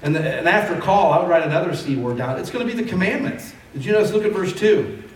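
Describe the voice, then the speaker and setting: A man's voice: high-pitched, animated, fast. A male pastor preaching a sermon in a conversational way that rises to emphatic calls. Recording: echoey hall from far off.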